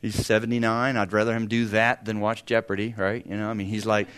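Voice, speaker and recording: A man's voice: lowish voice, level tone, brisk, a bit bright, clear, resonant tone. A man in his fifties preaching a sermon as pastor, talking in a conversational, humorous way with sudden bursts of emphasis. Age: 50s.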